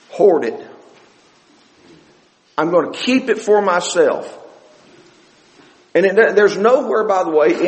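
A man preaching a sermon as pastor of a church, animated and repeating words, slowing down to stress a point. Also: on the high side, in a large hall, low-quality recording.

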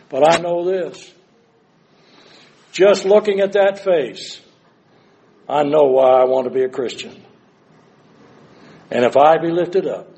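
Older male preacher, slightly high voice, dramatic sermon delivery shifting from hushed to loud.

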